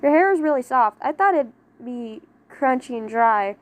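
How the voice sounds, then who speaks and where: An excitable young man who pouts, teases and whines his complaints, as a woman plays him. His voice sits fairly high and bright for a guy, quick to jump up when he gets flustered. It comes from a fan audio drama reading. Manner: excitable, whiny, pouty. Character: flustered playful young man, teasing and pouty.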